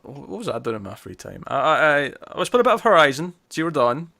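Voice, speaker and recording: Bright-voiced rambling man. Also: a little high, big pitch swings, quick pace, creaky. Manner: self-mocking, rambling, stumbles over words. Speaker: podcast host. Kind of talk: casual chat.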